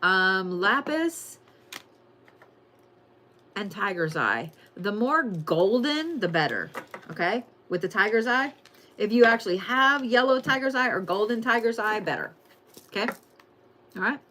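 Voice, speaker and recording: A woman's voice: mid-range voice, unhurried, pauses often, a little hiss or hum. Lady doing a tarot reading for her viewers, swears a lot, hyped up, voice jumps all over the place. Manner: brash, profane and excitable, addresses viewers as y'all. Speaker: tarot and astrology reader. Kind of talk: casual weekly zodiac reading.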